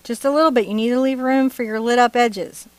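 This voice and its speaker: A woman's voice: fairly high pitch, steady tone, a little fast, no echo. A middle-aged woman teaching a live painting lesson, chatty and playful, joking and laughing between her steps. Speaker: art instructor. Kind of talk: live-streamed painting tutorial.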